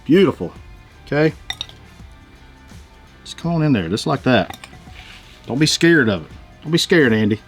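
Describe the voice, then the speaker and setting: A man's voice: mid-range voice, very animated, moderate pace, pauses often, soft background music. A man with a Southern US accent hosting a griddle cooking show, joking in a folksy way. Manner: folksy, joking, drawling sayings. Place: outdoor griddle cooking set.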